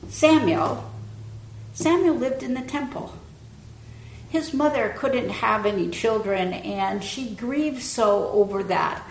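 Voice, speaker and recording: A woman preacher tells a scripture story in a slow, gentle sermon voice that sits a little high. Her words carry around an echoey church with a faint hum of room sound behind her. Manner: gentle, unhurried retelling with soft dips in loudness.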